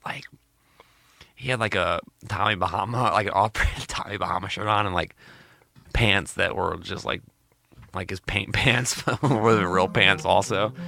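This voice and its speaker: A young man from Mississippi telling stories in a relaxed chat, saying "dude" often and laughing between lines. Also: deep voice, unhurried, vocal fry, no room sound, clean studio sound. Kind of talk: casual storytelling chat.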